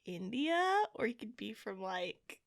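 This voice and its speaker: A woman's voice: medium pitch, lively intonation, a little slow, gravelly. A young woman hosting a podcast, chatting casually and laughing often. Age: young adult. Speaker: podcast host. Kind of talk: casual chat.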